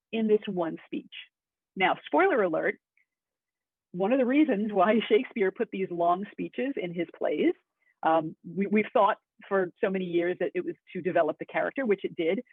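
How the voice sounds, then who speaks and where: Woman acting coach, chatty webinar teacher, husky, phone-thin sound. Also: medium pitch, expressive, normal speed, dry recording. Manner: chatty and enthusiastic, with asides. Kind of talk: webinar lesson. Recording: tinny phone-like audio.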